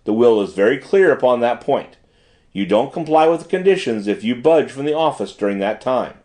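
A man voicing a brisk, fussy middle-aged male manager who talks formally and gushes in an audiobook reading. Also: mid-range voice, animated, a little mellow, close to an everyday voice. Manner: formal, gushing and exacting.

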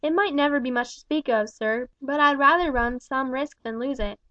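A woman's voice: high voice, moderate pace, pushed and bright, dry recording. A woman reading an injured fireman, earnest. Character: injured male railway fireman, brave. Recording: dull, dry recording.

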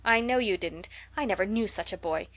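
A woman's voice: medium pitch, a little fast, fairly bright tone, close to an everyday voice. A woman voicing a condescending teenage daughter in an audiobook reading, careless and snippy.

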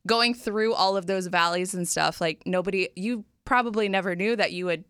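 A woman from Florida hosting a casual faith-focused conversation, quick and chatty with lots of "like" fillers. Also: mid-range voice, fairly bright tone, clean tone, dry recording, studio quality. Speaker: podcast host, radio personality.

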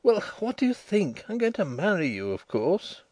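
A man reading a storybook voices an impulsive young man who speaks gruffly and abruptly. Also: mid-range voice, very animated, normal speed, darkish tone, no room sound.

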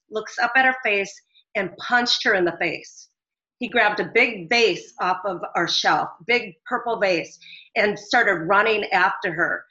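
A woman's voice: medium pitch, bright, forceful tone. A middle-aged woman, a business owner calling into a talk show, recounting events in an earnest, rambling way. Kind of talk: phone-in interview. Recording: dull lo-fi audio.

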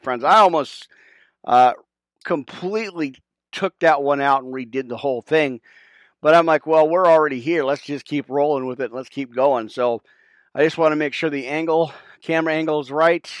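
A man's voice: mid-range voice, fairly bright tone, dry recording, clean studio sound. A man, a pastor hosting his own podcast, chatting casually while he sets up his stream, out of breath and rambling with many fillers. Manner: rambling, chatty, halting with fillers, calls listeners friends. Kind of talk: casual chat while setting up a livestream.

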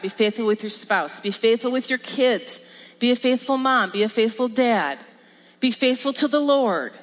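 A woman pastor giving a lively, emphatic sermon with repetition and laughs. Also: fairly high pitch. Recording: long reverb of a large hall.

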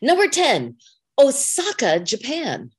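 A woman's voice: high-pitched, wildly swooping pitch, slow, breathy edge. Chatty woman co-hosting a podcast. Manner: chatty, laughs often. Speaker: podcast co-host. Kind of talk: casual chat.

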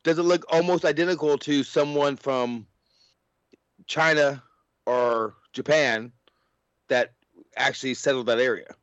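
A man's voice: mid-range voice, measured pace, pauses often, no room sound. Male podcast host, rambling and chuckly, dull lo-fi dry sound. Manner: rambling, laughs often, restarts. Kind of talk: casual podcast chat.

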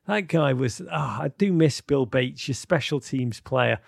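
A middle-aged man hosting a live call-in show, rambling and repeating words as he speaks warmly and emotionally to callers. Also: mid-range voice, animated, a little slow, vocal fry, breathy edge, dry recording, clean studio sound. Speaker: podcast host taking callers.

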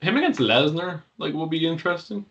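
A man co-hosts a podcast of casual wrestling chat, rambling with lots of fillers, laughing easily, and constantly trailing off and restarting. His voice is a little high, brisk, gravelly, bright and forward, with lively intonation. The audio sounds dull and lo-fi, like a call recording.

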